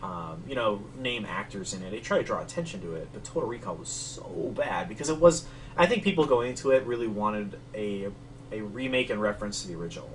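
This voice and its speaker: A man's voice: fairly low pitch, expressive, a little fast, slight background noise. A man co-hosting a casual chat, rambling with many fillers. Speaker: podcast co-host. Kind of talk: casual chat between matches. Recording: distant mic with faint ambience.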